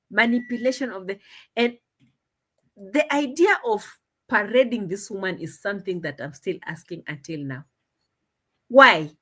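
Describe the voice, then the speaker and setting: Recorded on a desk camera, a woman commentary vlogger mocks a clip with indignation, laughing now and then. She speaks at a moderate pace in a slightly high, animated voice that comes across pushed and bright.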